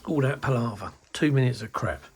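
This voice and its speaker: Indoors at a hobby workbench, a middle-aged British model hobbyist talks about his kit in a laid-back video chat, exasperated, grumbling, and muttering curses. His medium-pitched voice is husky, and he speaks briskly.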